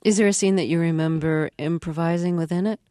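A woman with a fairly low voice leads the interview, curious and quick to laugh along. Her questions come through a dry, close mic with no room sound. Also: steady tone, mellow, no echo. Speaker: interview host. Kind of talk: radio interview.

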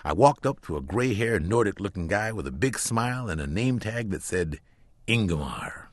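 Commentator type: man with a low voice and animated pitch, wry deadpan delivery, dry studio read. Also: normal speed, no echo. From Chicago. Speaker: radio commentator. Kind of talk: scripted humorous radio commentary.

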